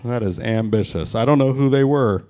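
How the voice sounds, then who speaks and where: A man's voice: mid-range voice, normal speed, dark tone. A man in his forties from Tacoma, doing a crude, self-mocking stand-up set live at a brewery into a stage mic. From Tacoma, Washington, US. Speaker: stand-up comedian.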